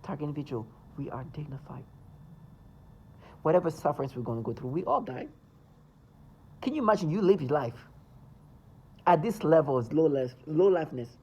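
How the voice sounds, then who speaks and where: A man's voice: on the high side, very animated, fairly quick, long pauses, a little mellow, slightly rough, lo-fi sound. A man delivering an agitated, insistent monologue to his viewers, rambling and emphatic. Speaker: vlogger.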